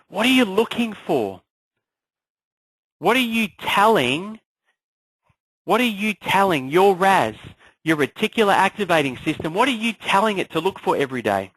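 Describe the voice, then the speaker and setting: A man coaching an online class in an energetic motivational style, firing off rhetorical questions. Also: high voice, normal speed, pauses often, husky, no room sound, low-quality recording. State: clearing a frog in his throat. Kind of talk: motivational live class talk.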